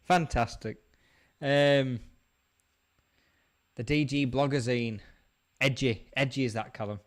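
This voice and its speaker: A man's voice: medium pitch, fairly even intonation, slow. A man with a West Yorkshire accent, hosting a casual online pub chat, bantering and laughing often. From England. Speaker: host.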